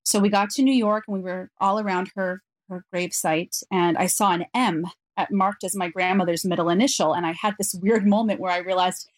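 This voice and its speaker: A woman guest on an interview podcast, telling a personal story in an earnest, reflective way with frequent pauses. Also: medium pitch, steady tone, no room sound.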